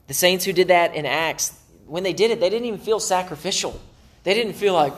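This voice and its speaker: Animated, conversational male preacher. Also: high-pitched, fairly quick. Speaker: pastor. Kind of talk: sermon.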